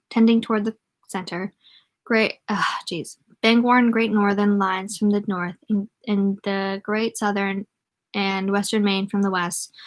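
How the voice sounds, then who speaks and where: Woman reading a novel aloud, casually. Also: mid-range voice. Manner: stumbles and self-corrects, laughing asides. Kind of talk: casual read-aloud with asides.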